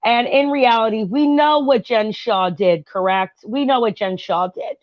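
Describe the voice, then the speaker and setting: A woman's voice: a little high, a little slow, dry recording, muffled recording. Chatty woman doing a home tarot reading. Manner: chatty, rambling, frequent fillers and asides to viewers. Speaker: tarot reader and channel host. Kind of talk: casual tarot reading chat with reality TV commentary.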